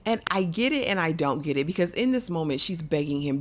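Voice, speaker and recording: A woman's voice: sits low, expressive, fairly quick, hardly any pauses. A middle-aged woman, chatting emphatically through a casual TV episode recap. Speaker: vlogger.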